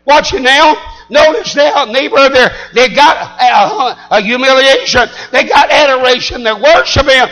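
A man preaching a sermon, shouting in call-and-response style. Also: very high voice, measured pace, poor audio.

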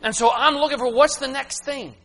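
Bright-voiced man preaching in a big hall. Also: very high voice, fairly even intonation, fairly quick, vocal fry. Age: 30s. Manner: emotional, swings from loud to hushed. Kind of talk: sermon. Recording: reverberant hall, faint hum.

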